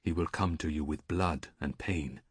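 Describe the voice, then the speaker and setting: Man doing a grim old seer, very deep, soft and slow, dry audiobook sound. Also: breathy edge, no echo. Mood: solemn. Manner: quiet, slow and solemn. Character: old gloomy male seer, reluctant prophet.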